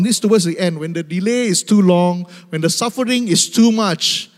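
A man's voice: sits high, normal speed, hardly any pauses. A male preacher delivering an emphatic, repetitive sermon, speaking directly to the church and laughing often. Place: church hall. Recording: long hall reverb.

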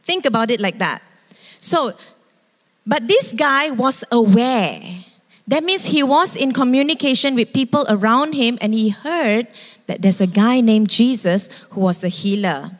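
A woman preacher delivers a lively sermon, her fairly high voice rising as she acts out shouts. She keeps asking the congregation questions. Her voice carries a long reverb through a church hall. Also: a little slow.

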